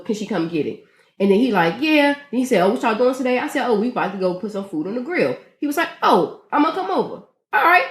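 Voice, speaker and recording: An echoey room frames the mid-range voice of a woman co-hosting a podcast. Chatting casually, she tells lively stories, swears freely, and dramatizes people's quotes.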